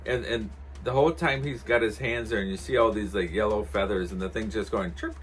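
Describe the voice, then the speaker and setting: A man's voice: on the low side, brisk, soft background music. A man chatting casually on his vlog, telling a rambling story with chuckles. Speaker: vlogger.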